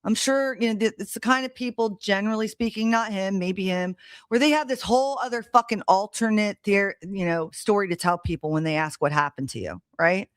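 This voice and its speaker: A woman's voice: mid-range voice, brisk, no echo, studio quality. A woman hosting a live stream, telling a personal story in a blunt, heated, casual way, swearing freely. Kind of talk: casual monologue to a live audience. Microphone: streaming setup mic.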